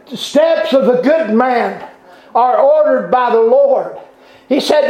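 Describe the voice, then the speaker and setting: A man preaching a sermon, fervent, with halting restarts and bursts of shouting. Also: extremely high pitch, expressive. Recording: echoey room, dull lo-fi sound.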